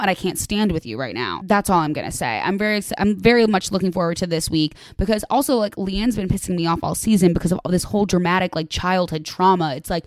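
This podcast host is a young woman talking solo in a casual, gossipy, emphatic way, packing in "like" as filler and ranting with swearing. She speaks at a fairly low pitch and quick pace with hardly any pauses, recorded with no room sound.

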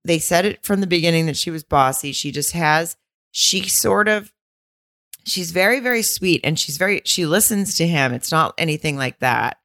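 A woman's voice: lowish voice, expressive, moderate pace, a bit bright. A young woman co-hosting a podcast, chatting casually and frankly, swearing and acting out people's lines. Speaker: podcast co-host.

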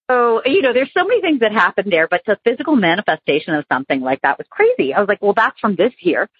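A woman's voice: mid-range voice, big pitch swings, fast, slightly rough. A young adult woman calling in to tell a ghost story, chatty and rambling with many fillers, over a phone line. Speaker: caller telling a ghost story.

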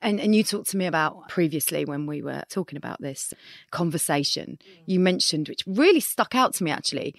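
Lady hosting a podcast, lowish voice that swings up and down a lot, playful, dry close sound. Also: lively intonation, a little fast, vocal fry, no room sound. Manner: warm, playful, swoops in pitch when amused. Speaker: podcast host. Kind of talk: casual interview chat.

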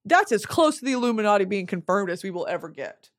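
A young woman hosting a podcast, mid-pitched and conversational. She drifts off on tangents, swears casually and keeps the talk loose and chatty. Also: big pitch swings, fast. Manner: rambling, tangent-prone, swears freely. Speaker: podcast host.

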